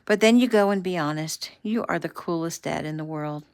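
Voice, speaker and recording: A woman voicing a spirited, gun-savvy young woman who talks in a brisk, sassy, teasing way, in a read-aloud novel. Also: lowish voice, close to an everyday voice. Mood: playful.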